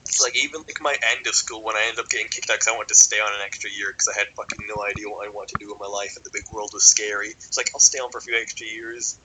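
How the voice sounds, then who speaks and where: A young man tells a long, rambling story on a casual podcast, with "like" and swearing in nearly every sentence. His voice is very bright and edgy, with a faint hiss in the background. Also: lowish voice, steady tone, rapid-fire, rough recording. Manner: sweary, rambling, filler-heavy. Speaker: podcast co-host.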